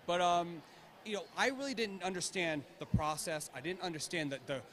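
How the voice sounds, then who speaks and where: Man, high voice, vodka founder, casual interview, laughs often, repeats words. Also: normal speed, fairly bright tone. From United States.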